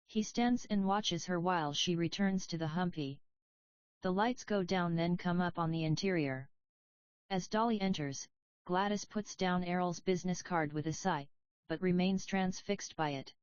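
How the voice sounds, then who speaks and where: A woman reading a play aloud as an audiobook, giving the stage directions in a plain, even way. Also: on the low side, moderate pace, smooth, dry recording, highs cut off. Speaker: audiobook reader. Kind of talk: scripted narration of a play.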